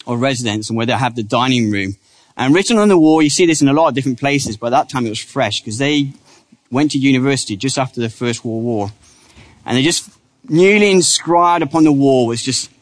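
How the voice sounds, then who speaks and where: A man preaching a church sermon in an earnest, conversational way, slowing down to stress the quotes he reads. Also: mid-range voice.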